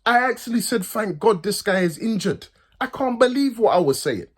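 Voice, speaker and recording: Furious swearing football fan, husky voice. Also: male voice, animated, normal speed. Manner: furious, swearing, repeats himself; pitch swings from loud highs to low mutters. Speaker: football fan channel host. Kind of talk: angry fan rant.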